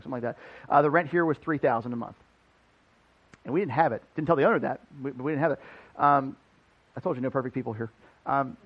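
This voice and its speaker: A high-voiced man preaching in a church, a pastor who tells his sermon as a loose, animated story. He talks casually and leans on "like" as he goes. The sound is somewhat dull and lo-fi. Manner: conversational, animated, many "like" fillers. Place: church building.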